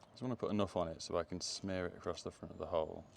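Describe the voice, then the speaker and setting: A man with a low voice narrates his electrical job in a rambling, chatty way. He thinks aloud while he works outside on a roof and in a loft. It is recorded on a phone camera. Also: fairly even intonation, very fast, creaky, a little hiss or hum. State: out of breath at times. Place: outdoors on a roof and in a loft, rainy.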